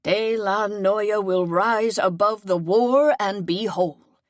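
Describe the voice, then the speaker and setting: A woman voicing an aging, wounded male seneschal who speaks slowly and solemnly in a gentle, fatherly way. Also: mid-range voice, dry recording, clean studio sound, natural voice. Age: older.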